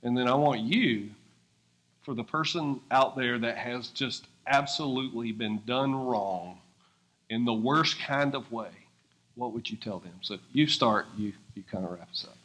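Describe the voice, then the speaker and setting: A man pastoring a church service and interviewing guests on stage, excitable and laughing, swinging between loud bursts and hushed asides. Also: medium pitch, unhurried. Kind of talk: sermon-style interview on stage.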